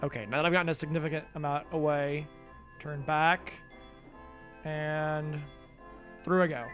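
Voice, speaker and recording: A man's voice: on the high side, fairly even intonation, moderate pace, fairly bright tone. A man streaming a video game live, chatting casually with viewers in a rambling, self-deprecating way and swearing now and then. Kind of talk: casual live gameplay commentary. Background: faint game music.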